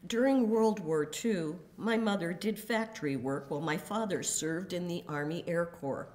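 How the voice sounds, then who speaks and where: An older woman reading a prepared statement in a courtroom, grave and deliberate, with measured emphasis on each word. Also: lowish voice, a little mellow. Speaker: victim's daughter giving a statement.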